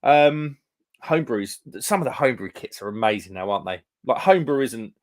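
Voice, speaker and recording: A man's voice: mid-range voice, expressive, brisk. Chatty rambling young British man. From United Kingdom. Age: young adult. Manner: rambling, chatty, lots of fillers and restarts. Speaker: live stream host. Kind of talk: casual chat with live chat viewers.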